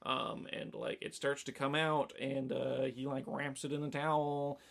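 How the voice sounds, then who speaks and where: A man co-hosting a podcast, casually recapping a film in a rambling, animated way with lots of fillers. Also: medium pitch, measured pace, vocal fry. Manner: rambling, animated storytelling with many fillers and acted-out quotes. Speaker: podcast co-host.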